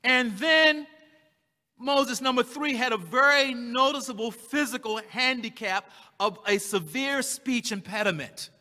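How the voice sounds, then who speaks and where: A man preaching in a church sanctuary, his voice high and strikingly bright. He preaches with emphasis and slips into the voices of the scripture figures. Long reverb hangs behind every word. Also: a little slow. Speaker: pastor. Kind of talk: sermon.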